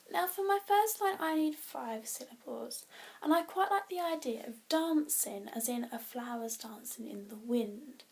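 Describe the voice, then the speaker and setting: A young woman teaching young pupils, patiently counting syllables aloud and thinking out loud, at times whispering to herself. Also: high voice. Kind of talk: modelling a lesson for young pupils.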